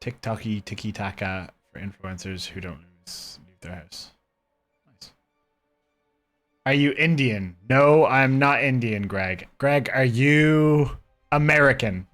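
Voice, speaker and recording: A man of middle pitch streams a game from his own room, rambling and chatting with viewers. Faint music plays behind his talk. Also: animated, slow pace, fairly bright tone. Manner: rambling, chatty, talking to chat. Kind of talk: casual live-stream chat.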